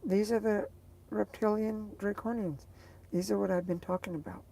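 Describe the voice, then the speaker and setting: A woman's voice: medium pitch, steady tone, normal speed, creaky, mellow. A woman vlogger chatting casually to her viewers, rambling and hesitant as she searches for words.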